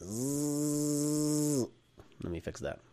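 A man from Bahrain with an Arab accent, hosting a live tech lecture and answering chat, animated, shifting between loud bursts and quiet asides. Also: mid-range voice, normal speed. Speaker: live stream host.

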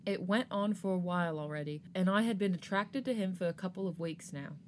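A woman's voice: lowish voice, a little fast, a little hiss or hum, lightly acted. A woman voicing a guilt-ridden young man pleading to be heard. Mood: remorseful. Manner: pleading, apologetic.

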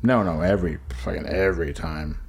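A man's voice: low voice, fairly quick, creaky, breathy edge. A man co-hosting a podcast in casual banter, rambling and profane, often trailing off and restarting sentences. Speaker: podcast co-host.

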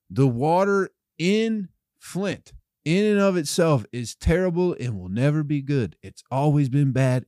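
A man's voice: medium pitch, darkish tone, no room sound, clean studio sound. A man hosting a comedy podcast alone, rambling sarcastically with lots of swearing and mock-salesman patter.

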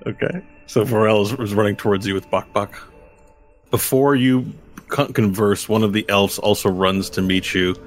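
A man running a tabletop game as game master, narrating the scene with animated, laughing storytelling. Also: on the low side, normal speed.

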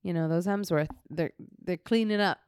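A woman's voice: fairly low pitch, normal speed, darkish tone, clean tone, no room sound, clean studio sound. A woman hosting a podcast in casual chat, effusive and giggly, rambling a little. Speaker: podcast host.

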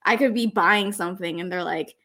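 A woman's voice: on the low side, a little fast, bright, forceful tone. A young woman in her twenties, a guest on an interview show, chatting in a bubbly way and laughing often as she retells stories. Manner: bubbly, laughs often, acts out quoted people. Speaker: guest, social media creator. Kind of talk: casual interview chat.

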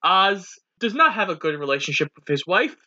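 A man co-hosts a casual podcast and walks through a film's plot step by step. His voice sits mid pitch with a bright, sharp tone. The sound is dull and lo-fi. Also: sing-song, brisk. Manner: plain recap-style storytelling. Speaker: podcast co-host. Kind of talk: casual chat, recapping a film.

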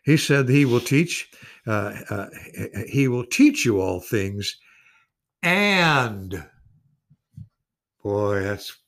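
A man's voice: medium pitch, lively intonation, drawn-out words, pauses often, fairly bright tone. A man in his eighties teaching an informal Bible study, earnest and rambling, stretching out key words of Scripture for emphasis. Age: 80s. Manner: rambling with restarts and repeated words.

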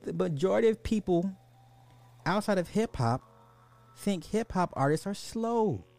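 A man's voice: high-pitched, animated, unhurried, creaky, a little mellow, faint music behind. A man hosting a podcast, giving blunt, exasperated casual commentary, often restarting his sentences. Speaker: podcast host.

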